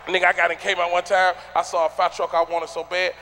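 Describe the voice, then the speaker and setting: A man doing a stand-up comedy routine on a theater stage, loud and rowdy, shouting punchlines at the crowd. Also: sits high, flat delivery, quick pace, hardly any pauses, a little hiss or hum.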